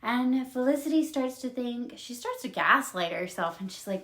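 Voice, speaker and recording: A young woman creator recapping children's books in a casual, expressive storytelling style, emotional and quick to laugh. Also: on the high side, echoey room. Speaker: video creator retelling books.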